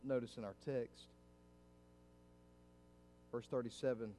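A middle-aged male pastor preaching a sermon in a church, swinging from hushed, low passages up to loud, fervent climaxes. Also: steady tone, slow pace, slight background noise.

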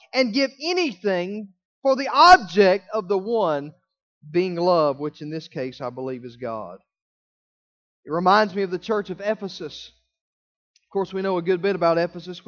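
High-voiced preacher, emphatic and drawn-out. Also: male voice, a bit bright, dull audio. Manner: emphatic preaching, slowing down and drawing out key words. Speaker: pastor. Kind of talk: sermon.

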